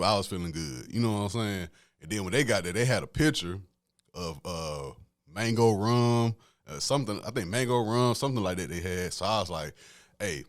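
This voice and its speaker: A young man hosts his podcast alone, telling stories in loose slang and laughing often. His voice sits low but swings widely in pitch. The sound is close and dry, with no room around it. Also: no room sound. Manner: animated, laughing storyteller, slangy. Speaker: podcast host. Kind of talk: casual solo storytelling.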